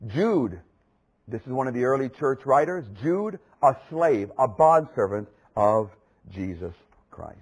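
A man's voice: medium pitch, big pitch swings, unhurried, husky, rough recording. A man preaching a sermon with impassioned, emphatic repetition.

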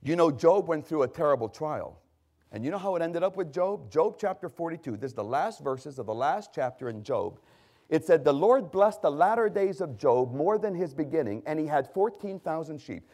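A man preaching a sermon with emphatic, drawn-out stresses, asking the congregation questions and answering them himself. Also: on the high side. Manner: lively, emphatic delivery with rising, drawn-out stresses.

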